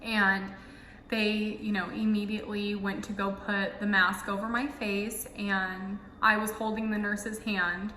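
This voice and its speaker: A woman's voice: medium pitch, flat delivery, measured pace, pushed and bright, reverberant, long reverb tail, slight background noise, low-quality recording. A young woman vlogger telling a personal story in a casual, emotional way, full of "like" fillers.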